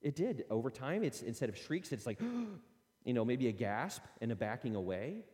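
A man's voice: medium pitch, very animated, moderate pace, dark tone. A middle-aged man giving an earnest, conversational teaching talk to parents. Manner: earnest, conversational, acts out parent and child quotes. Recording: long reverb.

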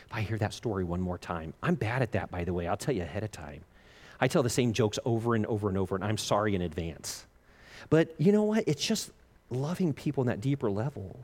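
A man preaching in a mid-range voice that swings widely in pitch. He jokes, laughs often and plays out the quotes. His voice rings with the long reverb of a large hall. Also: moderate pace. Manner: animated, jokey, laughs often, acts out quotes. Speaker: pastor. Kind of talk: sermon.

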